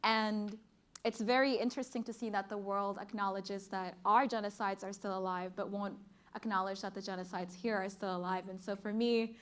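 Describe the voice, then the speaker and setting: A woman's voice: mid-range voice, fairly even intonation, normal speed, fairly bright tone. A young woman from Sudan giving a conference speech and performing spoken-word poetry in an earnest, emphatic, rhythmic way. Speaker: speaker and poet. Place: conference stage before an audience.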